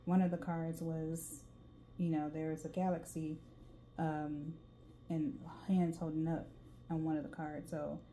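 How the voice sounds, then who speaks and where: A woman's voice: low voice, little pitch movement, unhurried, dark tone. A woman with a Southern US drawl giving a casual tarot reading, chatty and reading card texts aloud. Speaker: tarot reader. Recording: faint background noise.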